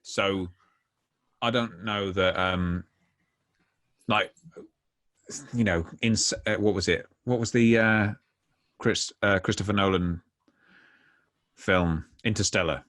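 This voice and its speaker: A man co-hosting a casual chat, rambling and halting as he loses his train of thought on a video call. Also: deep voice, fairly bright tone. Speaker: podcast co-host.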